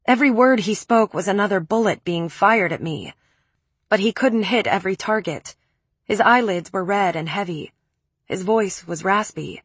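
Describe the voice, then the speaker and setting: A woman's voice: medium pitch, moderate pace, husky, dry recording. A woman reading first-person audiobook narration with intense, emotional storytelling.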